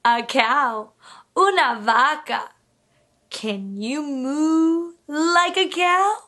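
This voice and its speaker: A woman teaching young children, speaking slowly and in a sing-song way, switching between English and Spanish. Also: sits high, sharp tone. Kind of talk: bilingual kids' lesson.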